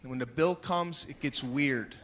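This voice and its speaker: A man doing a stand-up comedy routine, exasperated and acting out characters, building to shouts. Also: mid-range voice, unhurried. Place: comedy stage before a live audience. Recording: live show with crowd laughter and noise.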